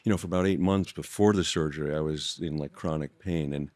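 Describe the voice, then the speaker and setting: An older man as a podcast guest, speaking in a gentle, thoughtful way and often stopping to restart a sentence. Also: a bass voice, steady tone, a little fast, dry recording. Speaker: guest author. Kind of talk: reflective storytelling conversation.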